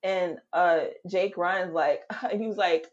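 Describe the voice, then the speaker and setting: A woman in casual group chat, laughing often as she tells animated stories. Her voice sits a little low, and the recording sounds dull and lo-fi. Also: takes it slowly. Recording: dull lo-fi audio.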